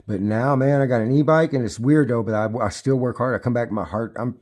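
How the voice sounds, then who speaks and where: A man's voice: medium pitch, fairly quick, darkish tone. Rambling, profane middle-aged man. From United States. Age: 50s. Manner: profane, rambling, restarts often. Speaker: e-bike vlogger. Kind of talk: casual rambling talk to camera. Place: at home near his bikes.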